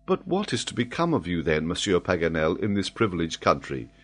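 A man's voice: deep voice, sing-song, fairly quick, a bit bright, voice pushed down, heavily acted. A man reading the lines of a refined, curious noblewoman in an audiobook, asking polite, wondering questions.

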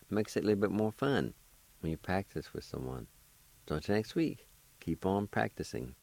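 A man teaching vocabulary in a radio language lesson, spelling words out and repeating syllables with slow, deliberate care. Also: deep voice, lively intonation, gravelly, a little mellow, no echo.

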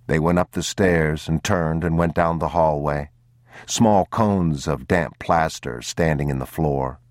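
A man narrating a literary audiobook in a measured, somber way, close to the mic. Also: rumbling low, no room sound.

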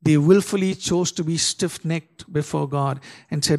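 A man preaching a sermon with an emphatic, rising delivery. He fires rhetorical questions at his listeners and slows right down to read scripture with weight. His voice sits a little higher than most men's. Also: steady tone, darkish tone. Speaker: pastor.

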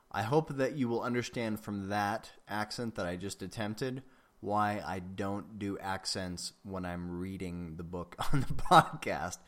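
A man's voice: lowish voice, fairly bright tone. A man hosting his own podcast, chatting casually and rambling with frequent ums and self-deprecating asides. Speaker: podcast host. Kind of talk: casual solo podcast chat.

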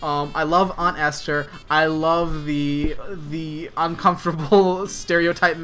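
A man's voice: fairly high pitch, steady tone, measured pace, bright, forceful tone. A man co-hosting a podcast, chatting casually and rambling with lots of fillers while reviewing a TV episode. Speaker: podcast co-host.

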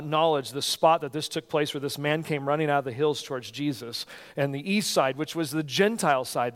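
A pastor preaching a sermon and reading scripture aloud, getting louder and more animated during the dramatic passages, in a church sanctuary. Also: male voice, a little high, smooth. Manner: animated reading, rising loud for dramatic lines. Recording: long hall reverb.

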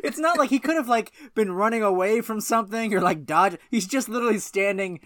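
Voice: mid-range voice, a little fast, fairly bright tone. Swearing comedy podcast co-host. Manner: swears freely, acts out scenes. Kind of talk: casual comedy chat.

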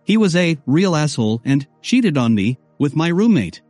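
A woman's voice: low voice, big pitch swings, normal speed, warm tone, dry recording. A young woman who gasps and pants her lines, as a male narrator puts her on. The read is dry and close, with faint music underneath. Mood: breathless.

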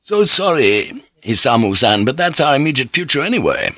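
A man's voice: mid-range voice, sing-song, normal speed, a bit bright, dry recording, clean studio sound, pitched above the performer's own voice. A man reading an audiobook and voicing a hot-headed young samurai officer who speaks with heated bitterness. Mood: bitter.

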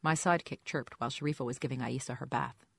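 Woman, audiobook narrator, low pitch, dry wry delivery, no room sound. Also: steady tone, quick pace, creaky, a bit bright, husky, no echo. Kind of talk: scripted first-person narration.

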